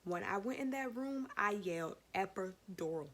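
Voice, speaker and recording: A young woman casually telling her own story, animated and slangy, acting out what people said. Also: mid-range voice, moderate pace. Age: young adult. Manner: animated, acts out quotes, slangy. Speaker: vlogger.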